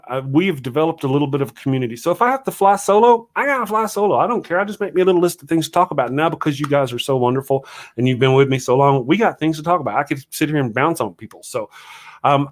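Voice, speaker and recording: A man hosting a solo livestream morning show, talking casually and ranting in a rambling, self-deprecating way. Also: on the high side.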